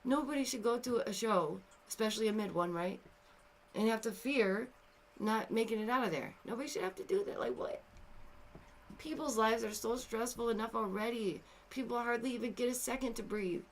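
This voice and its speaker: In her casual commentary video, this host addresses viewers directly with a fairly high voice at a moderate pace. Exasperated and animated, she bursts out loudly, then drops into hushed, somber asides.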